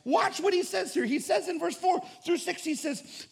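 A male pastor preaching with a high voice and an emphatic, driving delivery. He fires rhetorical questions at the congregation and at times rises to shouted declarations. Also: normal speed, creaky. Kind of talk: sermon.

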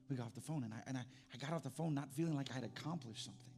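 A middle-aged man preaching in a loose, conversational way, stumbling and restarting as he goes. His voice sits at an ordinary pitch for a man, with faint music playing softly under his words. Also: racing, few pauses. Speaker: pastor. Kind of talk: sermon.

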